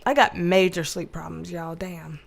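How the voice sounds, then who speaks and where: A woman hosting a casual livestream, reading chat aloud, loud and animated, laughing and swearing often. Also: on the low side, slow pace, gravelly.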